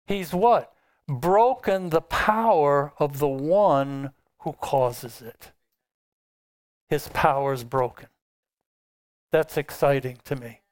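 A man preaching a sermon as pastor, asking his listeners questions and answering them himself, emphatic with some restarts. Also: on the high side. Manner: unhurried and emphatic, with filler restarts.

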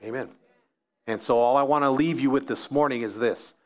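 A pastor delivers a sermon in a man's mid-pitched voice. He drives his points home by repeating phrases and building emphasis, then settles back before the next push. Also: brisk.

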